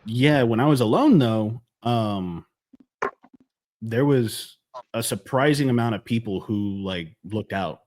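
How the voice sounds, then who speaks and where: A man in a casual podcast chat, laid-back and quick to laugh, swearing casually as he tells a story. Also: mid-range voice, darkish tone.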